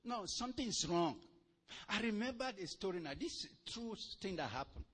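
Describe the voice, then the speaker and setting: With a high, slightly rough voice, a man preaches a sermon that alternates slow, deliberate scripture reading with loud, animated exhortation. His volume rises and falls sharply, swinging from quiet to loud and laughing.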